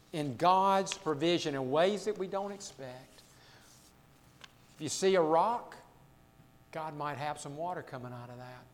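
A man preaching a sermon as pastor, swinging between loud emphatic lines and quiet, low asides, repeating words for weight. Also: long reverb tail, rough recording.

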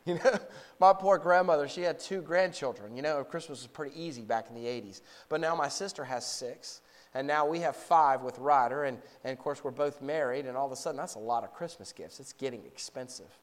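A pastor in his forties preaching a sermon, moving from a relaxed story to fervent, raised exhortation, with frequent repeated words and restarts. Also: medium pitch, brisk. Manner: frequent word repetitions and restarts.

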